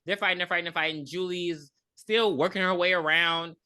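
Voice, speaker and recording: Woman, podcast co-host, casual chat, blunt retelling, crisp bright tone. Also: fairly low pitch, fairly quick. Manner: blunt, animated retelling with frequent cursing. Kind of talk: casual chat recapping a movie.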